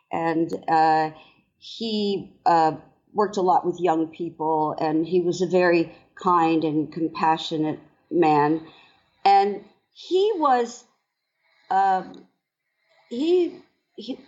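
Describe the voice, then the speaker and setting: A woman in her sixties recounts her life in dance at an unhurried pace, thoughtful and halting, full of small pauses. The recording is a bit dull and lo-fi. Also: lowish voice, darkish tone. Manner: slow, reflective, halting with many fillers. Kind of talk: interview storytelling. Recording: dull lo-fi sound.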